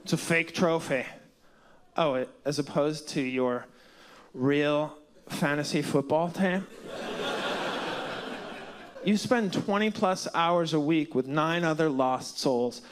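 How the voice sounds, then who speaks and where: A man doing a stand-up comedy set, wry and self-deprecating, building to loud indignant outbursts. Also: fairly high pitch, slow, pauses often, background noise. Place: comedy stage before a live audience. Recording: stage mic in a reverberant hall with laughing crowd.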